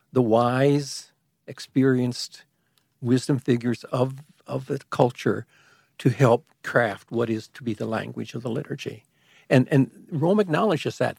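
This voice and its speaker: A man in a calm, measured conversation, explaining church matters at length with occasional restarts. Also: mid-range voice, vocal fry, breathy edge, dry recording, studio quality. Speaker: guest expert on liturgy.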